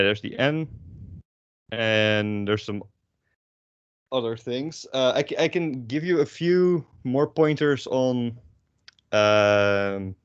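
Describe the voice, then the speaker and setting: A young Dutch man with a Dutch accent, teaching pronunciation in a relaxed, rambling way with casual swearing and lots of fillers. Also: medium pitch, no echo, lo-fi sound. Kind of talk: casual language lesson.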